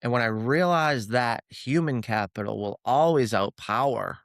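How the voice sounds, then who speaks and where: A man's voice: mid-range voice, unhurried, a bit bright, no room sound, studio quality. A man guest on a podcast telling an earnest personal story, often repeating his words as he gets emotional. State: close to tears at times.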